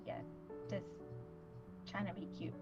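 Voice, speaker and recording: A woman's voice: unhurried, darkish tone, dull audio, faint music behind. A woman playing a tabletop role-playing game, talking hesitantly with many fillers. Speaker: player. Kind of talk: casual tabletop role-play.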